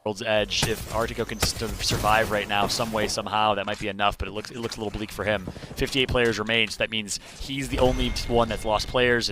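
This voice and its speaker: A man casting an esports battle royale tournament, energetic play-by-play that rises to loud calls at big plays. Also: fairly low pitch, fairly quick, few pauses, noisy background. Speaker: esports caster.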